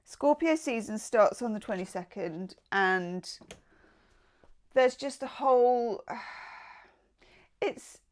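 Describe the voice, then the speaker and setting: A woman's voice: a little high, lively intonation, drawn-out words, long pauses. A woman giving a casual tarot reading, chatty and digressive, with playful asides. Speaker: tarot reader.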